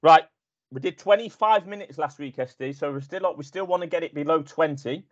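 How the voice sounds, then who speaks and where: A man hosting a casual horse racing chat, brisk and teasing as he moves the talk along. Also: a little high, highs cut off. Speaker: host.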